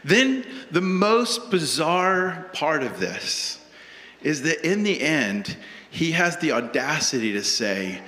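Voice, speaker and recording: A man's voice: fairly high pitch, very animated, takes it slowly, bright, forceful tone. A male pastor preaching a sermon with a humorous, storytelling delivery in a church. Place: church sanctuary. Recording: long church hall reverb.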